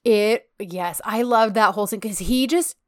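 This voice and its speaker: A woman's voice: mid-range voice, moderate pace. A woman in her thirties co-hosting a casual chat, gushing as she retells scenes from a TV show and acts out the characters' lines. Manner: gushing, animated retelling with quoted dialogue. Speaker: podcast co-host.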